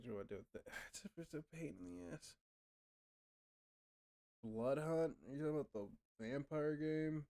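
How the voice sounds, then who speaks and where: A man's voice: medium pitch, darkish tone. A young man streaming and chatting casually with viewers, rambling, swearing often and trailing off mid-thought. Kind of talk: casual chat answering viewers.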